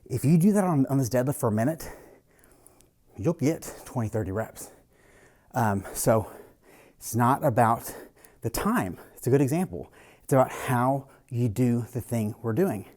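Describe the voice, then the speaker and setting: Male personal trainer, casual and blunt, mid-pitched voice, talks through his sets with a salty edge. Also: expressive, measured pace, long pauses, darkish tone. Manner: blunt, casual, swears freely. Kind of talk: casual workout coaching talk.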